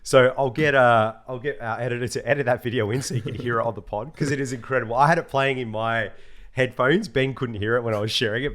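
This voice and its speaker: An Australian man co-hosting a podcast, chatty and teasing, casually talking over a remote call. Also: mid-range voice. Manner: chatty, teasing, drops "mate" often. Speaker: podcast co-host. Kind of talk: casual chat.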